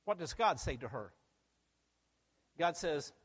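A preacher gives a sermon in a high, animated, slightly breathy voice that climbs and falls to stress his points, at a moderate pace with long pauses. He keeps firing rhetorical questions at listeners, and a long reverb from a large hall surrounds him.

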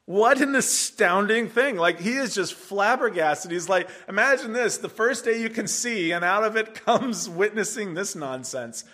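A man preaching an expository sermon, animated, acting out the voices of the people in the text. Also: high voice, moderate pace, few pauses. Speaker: pastor.

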